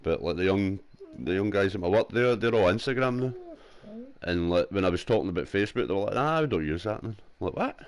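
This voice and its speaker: A man's voice: low voice, fast. A young man with a Glasgow accent, chatting casually over a headset while gaming, swearing freely and laughing often. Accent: Scottish (Glasgow). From Scotland. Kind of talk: casual chat.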